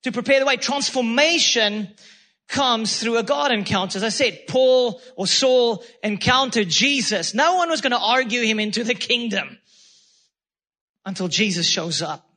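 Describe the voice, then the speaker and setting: A man's voice: extremely high pitch, animated, moderate pace, bright, forceful tone. A man preaching a sermon as pastor, fervent and repetitive, calling out praise between points. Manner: fervent preaching with repeated phrases and exclamations.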